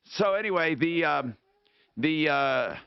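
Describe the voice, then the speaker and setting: A man hosting a call-in radio show who rambles and restarts, his pitch swooping lively up and down. The voice sounds close and dry, with no room around it, but comes through a dull, lo-fi broadcast sound. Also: takes it slowly, vocal fry, clean tone, no room sound. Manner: animated, rambling, thinks out loud with restarts. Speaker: radio talk show host. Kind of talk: casual call-in radio talk.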